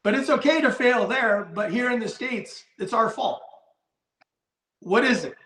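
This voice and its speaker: A man's voice: extremely high pitch, a little slow, fairly bright tone, reverberant. A man who breeds and handles racing pigeons, talking in a rambling, blunt way, restarting his sentences, in a casual live discussion.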